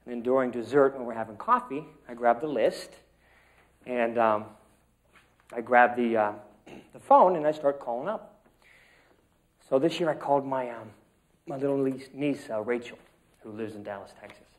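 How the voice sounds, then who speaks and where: A man's voice: mid-range voice, moderate pace, long pauses. Chatty man telling a family story. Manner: rambling, chatty, with fillers. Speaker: acting student. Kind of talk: telling a personal story in class.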